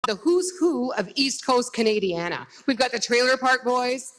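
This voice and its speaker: A woman's voice: fairly high pitch, lively intonation, moderate pace, heavy background noise. A woman emceeing an outdoor rally stage, upbeat and chatty as she hypes the crowd and introduces acts.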